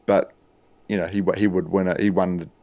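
A man's voice: deep voice, fairly quick, no room sound. A New Zealand man, a music producer and DJ, chatting casually as a podcast guest, rambling with lots of fillers. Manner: relaxed, rambling with many fillers.

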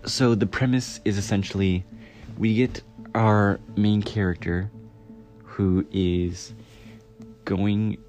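A man's voice: lowish voice, steady tone, slow, long pauses, a little mellow. A man in his twenties casually reviewing a film in a rambling way, with many "like" fillers. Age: 20s. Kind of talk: casual chat. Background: music.

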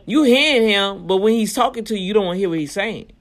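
A woman co-hosts a faith podcast in a relaxed, conversational way. She drives her points home emphatically, almost like she is preaching. She backs up her partner with quick words of encouragement. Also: mid-range voice. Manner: emphatic, call-and-response encouragement. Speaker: podcast co-host. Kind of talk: casual faith chat, preaching.

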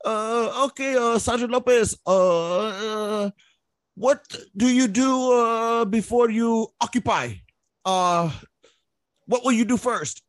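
A man imitating a stern older male sergeant major with a Vietnamese accent, halting with many "uh" pauses and curt refusals. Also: extremely high pitch, no echo, voice pushed up. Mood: questioning. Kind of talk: impression within a spoken story.

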